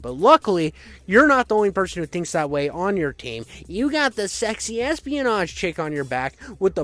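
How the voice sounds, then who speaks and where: A man's voice: fairly high pitch, fairly bright tone. A man giving casual commentary on a retro game, riffing with crude, profane jokes and asides. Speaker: game reviewer.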